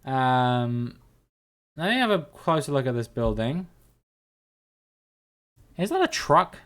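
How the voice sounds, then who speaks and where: A man's voice: medium pitch, big pitch swings, takes it slowly, a bit bright. A man hosting a live game stream, chatting with viewers and thinking aloud as he plays.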